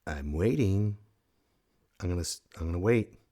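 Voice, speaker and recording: A man in his thirties hosting his own podcast, talking loudly and casually in a rambling, jokey way with sudden shouted bits. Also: sits low, lively intonation, moderate pace. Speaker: podcast host. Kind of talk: casual solo podcast monologue.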